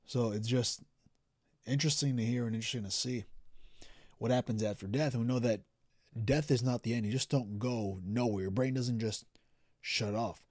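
A man's voice: medium pitch, steady tone, normal speed, darkish tone, no echo, clean studio sound. A man hosting a reaction video, giving earnest preacherly commentary straight to his viewers. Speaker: reaction channel host.

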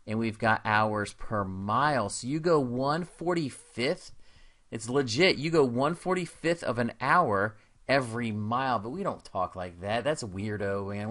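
A man's voice: mid-range voice, lively intonation, normal speed, a bit bright. A man teaching a recorded math lesson in an upbeat, casual and encouraging way, with slangy asides.

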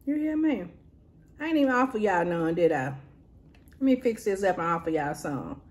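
A woman's voice: mid-range voice, very animated, moderate pace, darkish tone. A woman chatting casually to her viewers as she tastes and reviews food, humming and muttering between bites. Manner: mutters and hums while eating. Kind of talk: casual eating and review vlog.

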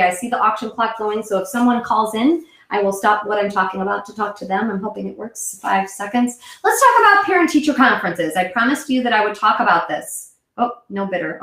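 A woman's voice: mid-range voice, fairly bright tone. A woman in her thirties hosting a live web show for moms, chatting casually to camera and often wandering off topic. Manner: chatty, rambling, self-correcting. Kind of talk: casual solo chat to camera. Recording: echoey room.

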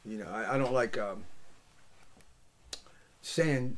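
An older man, host of a show, telling rambling, comic stories in casual chat, swearing freely and swinging from loud to soft. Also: mid-range voice, slow pace, pauses often, a little hiss or hum. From Pittsburgh area, USA. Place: small indoor room.

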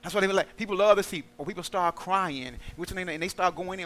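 High, bright-voiced man preaching. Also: quick pace. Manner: call-and-response preaching, acting out quoted voices. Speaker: pastor. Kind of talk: preaching to a congregation.

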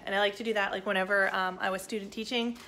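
A woman's voice: mid-range voice, fairly even intonation, fast, pushed and bright, a little hiss or hum. A young adult woman chatting casually at home about her plans, rambling with lots of fillers. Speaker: family vlogger and mother. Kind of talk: casual chat to camera. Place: living room sofa at home.

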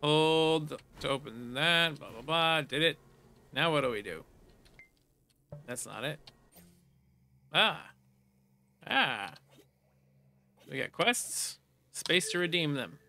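A man chats his way through a game he is playing, reading the text on screen aloud and breaking into silly hums and sound effects. His voice sits a little high for a man and has a very bright, forceful edge. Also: expressive, slow pace, gravelly, pauses often, slight background noise. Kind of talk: casual let's play commentary.

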